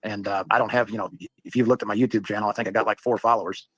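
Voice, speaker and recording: Fast-talking low-voiced man telling a story. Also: steady tone, fairly bright tone, no echo, low-quality recording. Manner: rambling, full of fillers. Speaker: interviewee in a clip. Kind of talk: casual storytelling.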